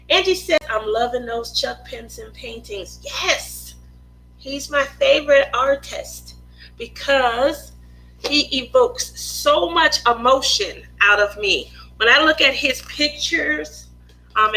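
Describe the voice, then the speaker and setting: A woman hosting a relaxed craft livestream, greeting her viewers by name in a high, bright voice. She talks at an unhurried pace, playful and chatty, sometimes slipping into a sing-song lilt. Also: poor audio. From Las Vegas, USA. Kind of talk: casual livestream chat while painting.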